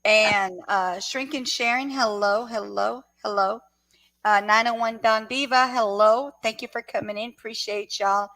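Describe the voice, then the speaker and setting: A woman's voice: a little high, steady tone, a little slow, sharp tone, no room sound, low-quality recording. A woman hosting a live chat show, eagerly greeting viewers by name. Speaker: host.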